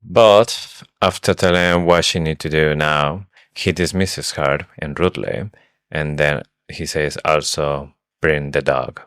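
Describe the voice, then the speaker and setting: Very deep-voiced man, casual book chat. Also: unhurried, fairly bright tone, clean tone, no room sound, clean studio sound. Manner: retells the plot with hesitations and fillers. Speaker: podcast co-host.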